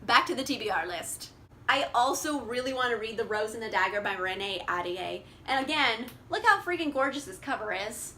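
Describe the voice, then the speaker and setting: A woman's voice: a little high, expressive, fairly quick, pushed and bright, slight background noise. A young woman chatting casually about her reading plans, bubbly, laughing often and saying like a lot. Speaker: book vlogger. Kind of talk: casual chat.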